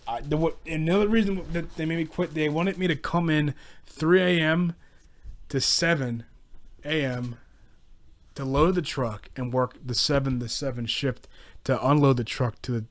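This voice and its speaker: A man's voice: a little high, moderate pace. A man telling casual stories about past jobs, rambling and profane, with frequent restarts. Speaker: podcast host. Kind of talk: casual solo storytelling rant.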